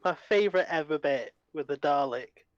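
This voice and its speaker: A man's voice: on the high side, lively intonation, moderate pace, dry recording, highs cut off. A man co-hosting a casual podcast, telling stories and laughing through his lines. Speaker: podcast co-host. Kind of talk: casual chat.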